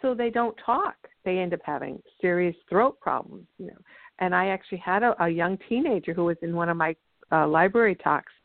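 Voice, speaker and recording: A woman's voice: fairly low pitch, animated, brisk, dry recording. A woman guest speaker explaining ideas earnestly and telling a story in a teaching manner. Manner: earnest, teaching, acts out quotes. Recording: tinny dry phone line.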